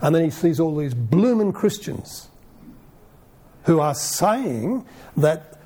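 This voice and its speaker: A man giving an informal Bible teaching in a conversational way, full of rhetorical questions and lively asides. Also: high voice, slightly rough.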